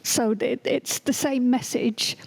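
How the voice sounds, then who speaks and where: A woman's voice: on the high side, fairly even intonation, slow pace, vocal fry, darkish tone, breathy edge, rough recording. A middle-aged woman, a school principal being interviewed, telling anecdotes in an earnest way. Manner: earnest, acts out quoted dialogue. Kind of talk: podcast interview, anecdotal storytelling.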